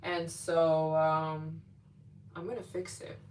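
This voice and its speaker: A woman's voice: low voice, little pitch movement, takes it slowly. A woman hosting a late-night livestream in a casual, chatty way, gushing with emotional thanks to her viewers. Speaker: livestream host. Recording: distant mic with faint hum.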